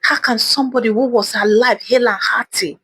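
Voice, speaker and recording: Here an African woman channel host delivers a heartfelt personal testimony about the loss of someone she loved, repeating words often as she goes. She sounds husky and fairly bright, pitched on the high side, speaking briskly with fairly even intonation and no echo.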